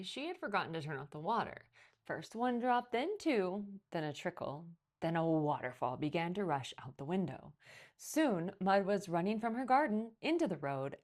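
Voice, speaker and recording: A woman reading a picture book aloud as a children's librarian, telling the story expressively. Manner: expressive storytelling, lively pitch.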